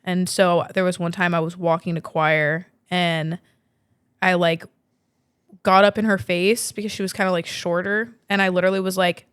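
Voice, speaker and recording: A woman's voice: fairly low pitch, flat delivery, moderate pace, clean tone, no echo. A woman in her twenties, a podcast host, telling a story in a chatty way full of "like" and swearing. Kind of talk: casual storytelling.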